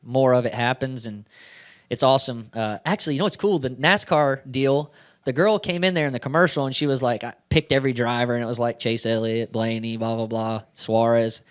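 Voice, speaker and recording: A man's voice: medium pitch, fairly quick, smooth. A man, a race car driver, answering questions at a press conference in a chatty storytelling way, acting out bits of dialogue.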